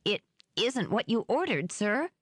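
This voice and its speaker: A woman's voice: medium pitch, animated, measured pace, dry recording, clean studio sound, natural voice. A woman voicing a small, timid male assistant who speaks nervously and deferentially.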